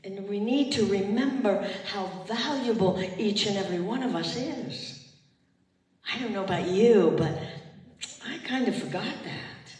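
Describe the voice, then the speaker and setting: A woman's voice: mid-range voice, darkish tone. An older woman minister giving a heartfelt sermon and leading her congregation in call and response. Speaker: retired minister. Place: chapel. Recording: echoey hall, far from the mic.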